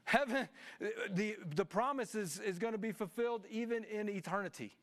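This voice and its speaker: Animated, bright-voiced preaching pastor. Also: male voice, high voice, moderate pace. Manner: animated, swinging from hushed to shouting. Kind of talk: sermon.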